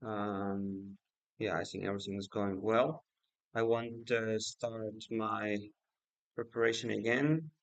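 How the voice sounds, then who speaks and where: Slow, hesitant man on a livestream. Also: on the low side, fairly even intonation, dry recording, rough recording. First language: Uzbek. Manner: hesitant, many fillers and restarts. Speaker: livestream host and exam student. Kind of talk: casual livestream chat.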